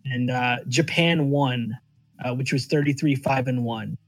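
A man's voice: mid-range voice, a little slow, dry recording, soft background music, rough recording. Enthusiastic man, dry close sound. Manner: enthusiastic, swears, filler-heavy. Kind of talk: casual podcast banter.

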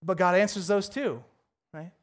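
Animated, high-voiced male preacher. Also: moderate pace. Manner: animated, jokey storytelling with big pitch swings; reads scripture aloud, then riffs casually. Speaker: pastor. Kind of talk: sermon.

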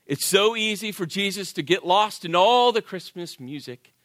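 A man preaching a sermon, telling stories with acted-out voices and sinking to quiet intensity. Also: high-pitched, normal speed, no echo, studio quality. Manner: animated storytelling, acts out voices, drops to quiet intensity. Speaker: pastor.

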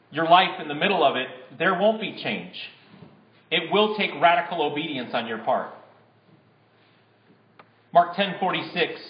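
A man's voice: fairly high pitch, reverberant, highs cut off. A man preaching a sermon as pastor in a church sanctuary, talking conversationally and then building to emphatic bursts.

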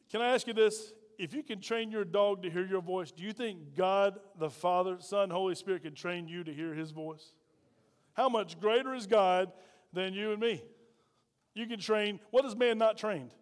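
A pastor with a high, light voice preaches in a folksy way and keeps calling questions out to his congregation. His words ring with the long reverb of a church hall. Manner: folksy, call-and-response preaching. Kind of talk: sermon.

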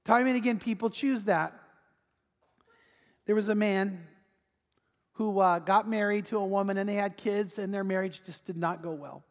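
Pastor guy preaching, fairly high voice, lots of echo, gets animated acting out the story. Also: normal speed, pauses often. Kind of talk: sermon.

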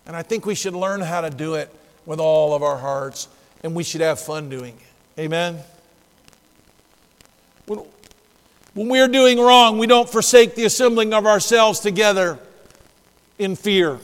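A male pastor preaching a sermon, moving from quiet asides to shouted exhortation. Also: high-pitched, measured pace, pauses often, clean tone, long reverb tail, poor audio.

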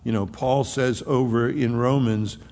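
Folksy preacher man, gravelly voice. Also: medium pitch, fairly even intonation, measured pace, darkish tone, big-room sound. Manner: folksy storytelling preaching with casual asides. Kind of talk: sermon.

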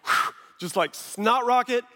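A man in his thirties, a pastor preaching a sermon through an animated personal story full of quick asides. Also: high voice. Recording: long hall reverb.

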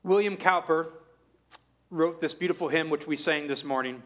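A man's voice: a little high, normal speed, fairly bright tone. A man preaching a sermon in an earnest manner, repeating rhetorical questions with shifting emphasis.

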